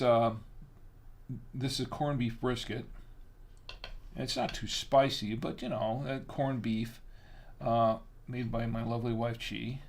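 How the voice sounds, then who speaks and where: Man, middle-aged, wine show host, casual halting chat, talks with food in his mouth, mid-pitched voice. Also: vocal fry. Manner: halting, restarts a lot while tasting; talks while chewing.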